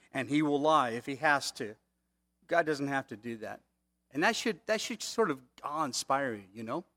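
A man's voice: medium pitch, fairly bright tone. A man preaching a conversational sermon, asking the congregation rhetorical questions. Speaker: pastor.

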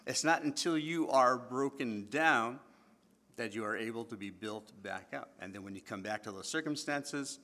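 A man preaching a sermon to his church congregation, animated and joking with the crowd as he teaches. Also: mid-range voice. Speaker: pastor.

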